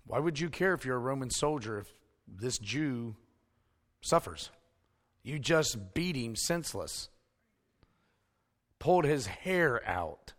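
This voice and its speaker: A male preacher, delivering a sermon that swings from hushed storytelling to emphatic shouting. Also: mid-range voice, expressive, takes it slowly, pauses often.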